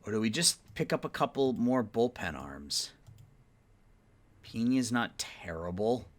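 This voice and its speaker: In a low, sing-song voice that moves a little slowly, this YouTuber muses his way through a baseball management game in relaxed let's-play style. He yawns often and sounds drowsy, mumbling about trades to the in-game teams.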